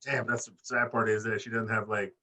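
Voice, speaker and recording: A man's voice: fairly low pitch, fairly quick, recorded from a distance, a crowd in the background, rough recording. A man co-hosting a casual wrestling podcast, talking animatedly and swearing freely. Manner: animated, swearing, mimics wrestlers in put-on voices. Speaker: podcast co-host. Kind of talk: casual chat.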